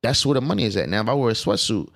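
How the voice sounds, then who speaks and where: A man's voice: lowish voice, animated, very fast, creaky, a bit bright. A man talking as a guest on a podcast, casual and emphatic, with profane streetwise phrasing. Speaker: clothing designer guest.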